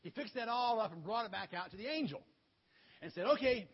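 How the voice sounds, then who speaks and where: A man's voice: sits high, animated, a little fast, slightly rough, lo-fi sound. A man preaching a children's story sermon, retelling a Bible story in a playful, conversational way.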